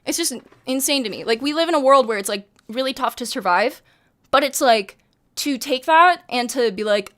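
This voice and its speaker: A woman's voice: high-pitched, animated, moderate pace, fairly bright tone. A woman in her twenties venting to her stream chat, heated and emphatic, swearing often. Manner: heated, profane, emphatic ranting.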